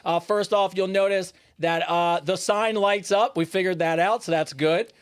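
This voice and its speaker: A man's voice: high voice, fairly even intonation, moderate pace, smooth. A man co-hosting a podcast in an upbeat, jokey casual chat, laughing often. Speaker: podcast co-host.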